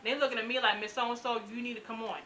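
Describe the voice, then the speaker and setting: A woman in her twenties telling her own story in a casual, animated way, acting out what people said. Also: fairly high pitch, racing, a little hiss or hum, low-quality recording. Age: 20s. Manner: animated, acts out quotes. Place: room at home.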